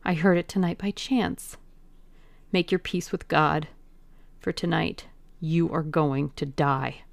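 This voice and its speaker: A woman voicing a vengeful young sailor who growls low, half-whispered threats in a dramatized audiobook reading. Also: slow pace, creaky, dry recording, heavily acted. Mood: menacing.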